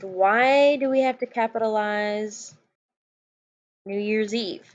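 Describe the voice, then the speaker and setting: A woman's voice: medium pitch, takes it slowly, long pauses. Lady teacher doing a goofy recorded lesson, kinda muffled computer mic. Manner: playful, animated teacher talk with jokes. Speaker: elementary school teacher.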